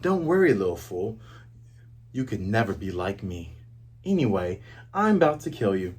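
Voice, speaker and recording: A man's voice: lowish voice, big pitch swings, normal speed, a little mellow, husky, pitched below the performer's own voice. A man voicing a cruel, cold male pirate captain who sneers at his enemy. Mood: contemptuous.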